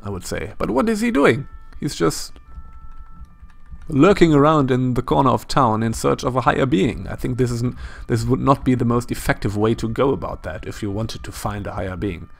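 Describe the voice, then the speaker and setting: A man with a German accent talks through a retro role-playing game, chatty and thinking out loud with self-deprecating remarks. His voice has a gravelly, creaky edge that sinks into vocal fry. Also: medium pitch, brisk, hardly any pauses. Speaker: let's play host. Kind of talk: casual gameplay commentary.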